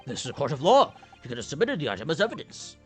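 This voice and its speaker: A man's voice: fairly high pitch, big pitch swings, very fast, faint music behind. A man voicing a stern, pompous older male English judge in a game let's play, speaking formally. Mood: puzzled.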